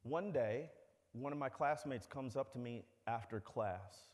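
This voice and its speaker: A man's voice: medium pitch, a little slow. A man giving a public talk, telling stories in a conversational, wry way. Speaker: speaker. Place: lecture hall. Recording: long hall reverb.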